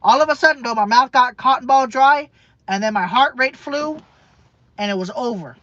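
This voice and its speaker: A man's voice: very high-pitched, normal speed, pushed and bright, dry recording, lo-fi sound. A man talking in a personal vlog monologue, rambling and repeating himself. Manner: rambling and repetitive.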